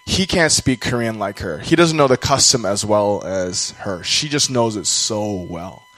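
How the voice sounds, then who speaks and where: A man's voice: on the low side, animated, measured pace, fairly bright tone, poor audio. A Canadian man telling a personal story during a sermon, rambling and self-deprecating, sometimes acting out the voices of people he quotes.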